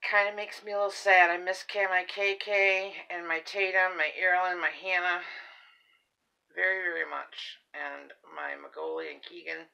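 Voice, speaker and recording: A woman's voice: on the low side, level tone, moderate pace, creaky, bright, forceful tone, clear, resonant tone, rough recording. An older woman, a grandmother, chatting casually and rambling in a folksy way while showing a shopping haul; she says she is tired. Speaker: haul vlogger. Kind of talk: casual chat.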